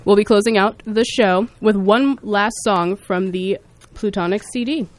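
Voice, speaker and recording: A woman's voice: mid-range voice, unhurried, no echo. A woman hosting a college radio hour, announcing songs and events in an upbeat way. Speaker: radio host.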